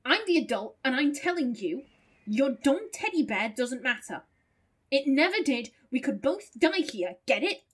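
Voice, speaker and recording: A woman's voice: high-pitched, sing-song, moderate pace, breathy edge, exaggerated voice. Woman reading a curt, stressed man. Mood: harsh. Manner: harsh, curt.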